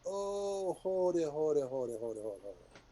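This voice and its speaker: A man's voice: a little high, little pitch movement, fast, dark tone, voice pushed up, close to an everyday voice, rough recording. A man voicing an alarmed male navy ship radio operator, urgent and repetitive with a mock-formal tone.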